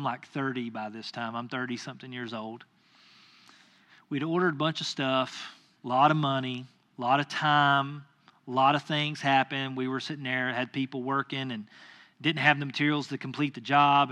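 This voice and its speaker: A man in his thirties, a pastor, telling a personal story in a sermon and acting out his own angry lines. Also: fairly high pitch. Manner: animated, acts out his own anger in quoted lines.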